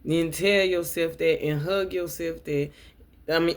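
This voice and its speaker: A woman's voice: low voice, fairly even intonation, measured pace. A woman giving a tarot reading to her viewers, emotional and repeating affirmations as she speaks to them directly. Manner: addresses viewers as y'all. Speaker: tarot reader and coach.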